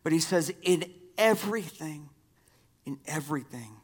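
A pastor giving a sermon, repeating key phrases and dropping from strong emphasis to near-whispers. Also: male voice, a little high, lively intonation, measured pace, slightly rough. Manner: dynamic swings from loud emphasis to hushed near-whispers.

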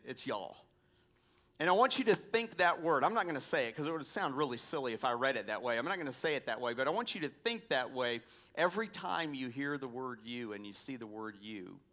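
Southern pastor guy preaching, folksy and chatty, talks right to the congregation, mid-pitched voice. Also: sharp tone. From American South. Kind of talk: sermon with prayer and scripture reading.

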